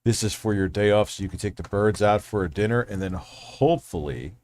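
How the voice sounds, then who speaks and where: Low-voiced man rambling on a livestream. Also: brisk, darkish tone, dry recording. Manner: rambling, profane, reading chat aloud. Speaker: livestream host. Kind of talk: casual livestream chat.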